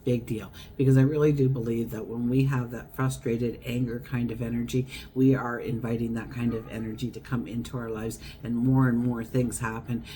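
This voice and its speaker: A woman's voice: very deep voice, little pitch movement, normal speed, hardly any pauses, dark tone. Chatty woman giving a tarot reading. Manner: chatty, wandering, acts out everyday scenes. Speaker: tarot reader. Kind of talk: casual tarot horoscope reading.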